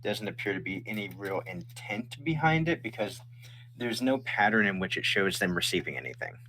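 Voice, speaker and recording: A man narrating a tabletop game as game master, setting scenes in an unhurried, descriptive way. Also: lowish voice, big pitch swings, pushed and bright.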